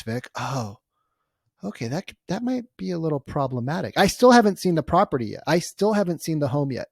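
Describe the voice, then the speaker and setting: A man coaching real estate agents in a casual walkthrough, energetic and constantly tagging his points with "right?". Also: on the high side, no echo, clean studio sound. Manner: acts out client conversations in storytelling bursts.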